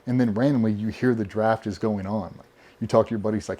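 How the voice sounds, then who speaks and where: Low-voiced man telling profane stories. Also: fairly quick. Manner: profane, animated storyteller. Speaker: podcast guest. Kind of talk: casual storytelling interview.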